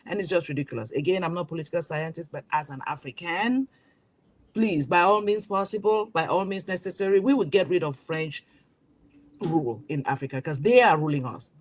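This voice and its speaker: A woman's voice: on the low side, a little fast. A woman from Cameroon, a magazine publisher, speaking as an interview guest with emphatic rhetorical questions and frequent restarts. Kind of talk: impassioned interview talk.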